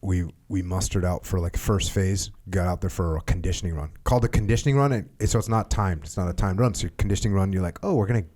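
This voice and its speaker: Deep, dark-voiced podcast host. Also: male voice. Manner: measured, laughs along with the guest. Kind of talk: interview, reading book excerpts aloud.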